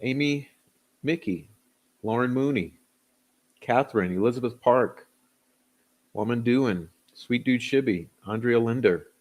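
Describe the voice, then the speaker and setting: In a mid-range, slightly mellow voice, a man hosting a relaxed livestream talks a little slowly and pauses often. He welcomes viewers by name from the chat, rambling with chuckles and filler words.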